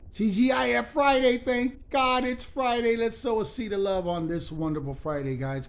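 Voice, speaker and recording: A man's voice: a little high, a little mellow. Man preaching motivation to his viewers, emphatic and pushy, a bit of faint noise behind. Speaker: motivational speaker. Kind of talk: motivational monologue.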